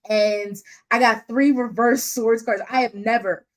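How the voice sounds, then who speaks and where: A woman's voice: on the high side, fairly even intonation, measured pace, rough recording. A woman business coach talking off the cuff to her audience, candid and slangy, laughing often as she tells a story. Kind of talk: casual unscripted teaching.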